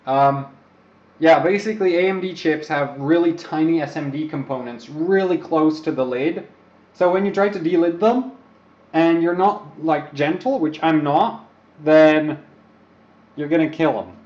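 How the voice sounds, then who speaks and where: A man's voice: fairly high pitch, a little slow, a little mellow. A young man from the Czech Republic hosting an overclocking livestream, rambling and joking about himself in casual commentary. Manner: rambling, joking, self-deprecating. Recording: roomy, slightly dull stream audio.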